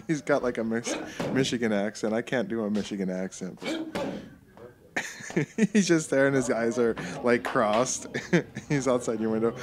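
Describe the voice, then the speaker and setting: A man's voice: medium pitch, animated, normal speed, a crowd in the background. A man from California giving casual, rambling commentary while watching fight footage, often laughing at his own jokes.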